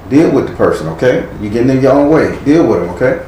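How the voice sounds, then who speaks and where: A man's voice: medium pitch, sing-song, quick pace, mellow. A man giving a live tarot reading, blunt and chiding with casual slang. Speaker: tarot reader. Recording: echoey room with faint noise.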